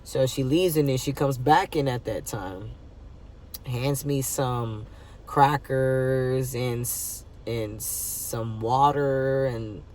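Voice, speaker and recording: Man, plain mid pitch, emotional storytime vlog, halting delivery, set back from the mic with faint background noise. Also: darkish tone, distant mic. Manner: halting and emotional, with many fillers and restarts. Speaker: vlogger.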